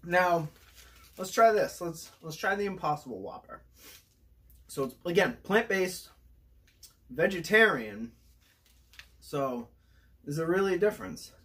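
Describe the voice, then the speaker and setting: A man hosting a casual food review vlog, excitable and talking while he chews. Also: sits high, a little slow, pauses often. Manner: excitable, talks while chewing.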